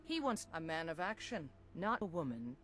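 A woman's voice: low voice, very animated, normal speed, fairly bright tone. A woman voicing a frank, slightly brusque middle-aged blacksmith and old war veteran in a video game. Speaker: game character.

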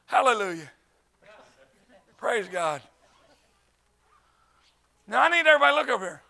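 A man, an evangelist preaching a revival sermon, telling stories in an animated way and breaking into shouts. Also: very high voice, moderate pace, gravelly. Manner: animated storytelling, bursts of shouting. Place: church sanctuary.

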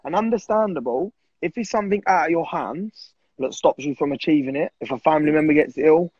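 A young man talks in a blunt, fired-up way, swearing freely. His voice is slightly high and husky. The recording sounds dry and a little dull. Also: fairly quick, darkish tone, dry recording. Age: 20s. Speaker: guest. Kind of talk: casual podcast chat.

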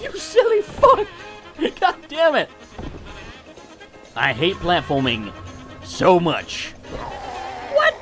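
A man's voice: high voice, fairly bright tone. A man giving gameplay commentary, ranting in frustration, swearing a lot and laughing at himself. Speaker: let's play gamer.

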